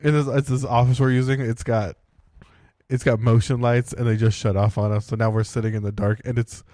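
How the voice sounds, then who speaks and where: A man's voice: medium pitch, flat delivery, brisk, mellow, no echo, studio quality. Rambling man telling a story. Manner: rambling, many "like" and "right?" fillers. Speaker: podcast co-host. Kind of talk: casual storytelling.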